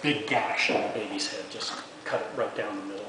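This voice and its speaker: A veteran in his sixties with a lowish, steady voice recounts memories briskly in an oral history interview. He often stumbles and repeats words, and the echoey room carries a faint hiss.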